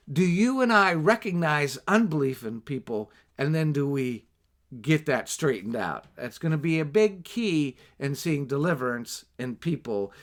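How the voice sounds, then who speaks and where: A man preaching a Bible teaching sermon on a livestream, animated, with asides and rhetorical questions. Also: on the high side. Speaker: pastor.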